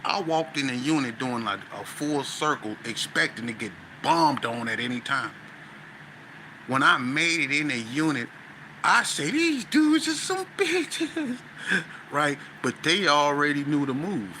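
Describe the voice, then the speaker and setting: Man, podcast guest, animated storytelling, slangy, sound effects, sharp bright tone. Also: medium pitch, slight background noise. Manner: lively, slangy, acts out scenes with sound effects.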